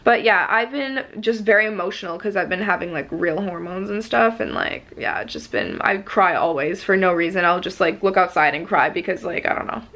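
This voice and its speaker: A woman's voice: lowish voice, animated, fairly quick, few pauses, a bit bright. A woman in her twenties, vlogging in a casual confessional way, rambling with lots of "like" fillers, earnest and emotional. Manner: earnest and open.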